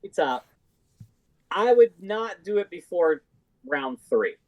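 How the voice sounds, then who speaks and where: Male podcast guest, halting casual delivery, dry recording. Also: sits high, sing-song, no room sound, rough recording. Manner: hesitant, halting, with many fillers and restarts. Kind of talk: casual fantasy football chat.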